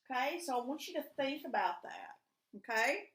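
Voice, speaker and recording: Lady teacher going over a reading lesson, kinda high voice, echoey room. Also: animated, moderate pace, fairly bright tone. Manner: patient, guiding questions to pupils. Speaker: elementary school teacher. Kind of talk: recorded remote reading lesson.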